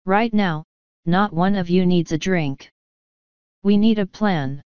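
A woman giving voice to a firm, level-headed young witch girl who speaks plainly and to the point. The voice sits low and is very smooth. The recording is dry and dull. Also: slow pace, no echo. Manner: firm, matter-of-fact.

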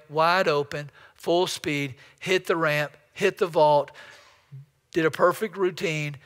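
Pastor guy telling a story in his sermon, kinda high voice, lots of stumbling repeats, long echo of a big church. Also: a bit bright, clean tone. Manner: halting, repeats words while building a story. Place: church sanctuary.

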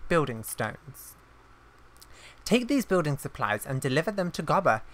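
A woman's voice: sits low, big pitch swings, normal speed. A woman reading aloud a keen female clan leader's lines from a game, in her own plain voice.

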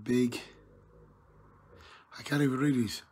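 Tipsy, husky Irish man, rowdy. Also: medium pitch, steady tone, takes it slowly. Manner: loud, jokey, challenging and teasing. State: tipsy from drinking. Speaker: live streamer. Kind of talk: rowdy live stream banter.

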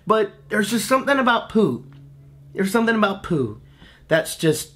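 A young man in his twenties with a high voice chats to camera as a voice actor hosting his own channel. He gushes excitedly, laughing and tripping over his words as he talks. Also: moderate pace. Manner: gushing, excitable, breaks into laughs and restarts. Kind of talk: casual reaction vlog to camera.

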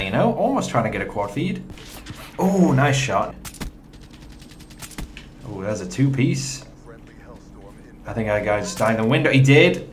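A man's voice: medium pitch, a little slow, pauses often, slight background noise. A young man, chatting to viewers while commenting on his own gameplay from a home setup. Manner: chatty, excitable, talks to viewers. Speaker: gaming commentator.

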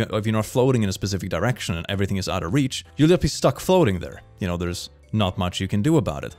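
A man giving casual, animated commentary on video clips, laughing often and breaking into quick exclamations. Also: fairly low pitch. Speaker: reaction video host.

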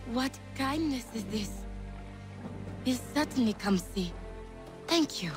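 An actress playing a grieving colonial farm wife in a video game, speaking earnestly. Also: female voice, a little high, lively intonation, takes it slowly, music in the background. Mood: grateful. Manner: earnest and mournful.

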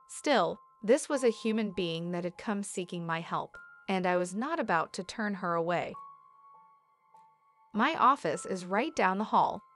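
A woman tells a creepy story in a scripted narration style, with a voice that sits at a middle pitch. She gives the dialogue only a light touch of character and keeps a steady storytelling pace. A faint music bed runs quietly behind her.

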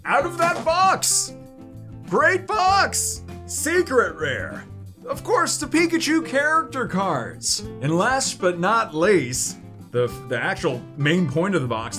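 A man casually chatting while opening trading card packs in his home studio, playful and joking. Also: on the high side. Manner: playful, swoops into silly voices and mock wails. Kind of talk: excited pack-opening chatter.

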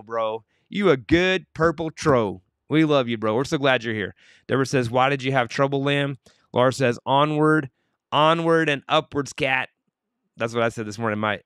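A man's voice: medium pitch, smooth, no echo, studio quality. Upbeat man reading viewer comments live. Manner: reads viewer comments aloud, warm upbeat greetings; earnest prayer. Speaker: livestream host. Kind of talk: morning show chat and prayer.

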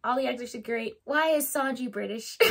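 A woman talking straight to her viewers in a loose, chatty vlog, her voice sitting a little higher than most. She is animated and laughs often, peppering her sentences with fillers as she goes. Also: brisk, slightly rough. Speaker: YouTuber reviewing a TV show. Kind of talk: casual opinion vlog.

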